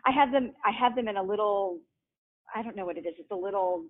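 A woman's voice: medium pitch, quick pace. A middle-aged woman, a guest author, telling personal stories in a casual, chatty way, laughing often and restarting sentences. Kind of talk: casual storytelling. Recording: tinny phone line.

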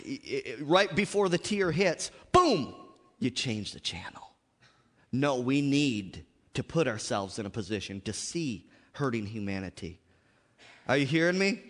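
A man's voice: medium pitch, big pitch swings, measured pace, in a large hall. A man preaching a sermon to a congregation, repeatedly calling out "Amen?" and asking the audience questions. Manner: call-and-response, frequent "Amen?" and "How many of you know". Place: church sanctuary.

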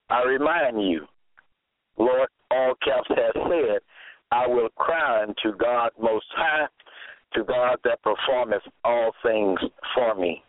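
A man preaching in a slow, measured, emphatic way, repeating key phrases as he presents a case. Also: mid-range voice, no echo. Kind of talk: slow deliberate sermon. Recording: dry tinny phone-like sound.

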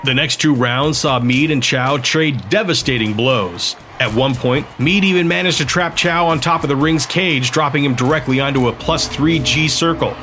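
A man reading a sci-fi audiobook in steady, even scripted narration. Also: medium pitch, moderate pace, hardly any pauses, soft background music.

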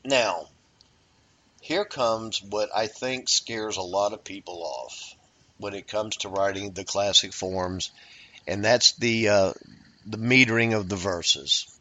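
A man's voice: fairly low pitch, slow, bright, forceful tone, dull audio. A man leading a poetry workshop, explaining patiently with fillers and repeated phrases. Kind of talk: workshop lecture.

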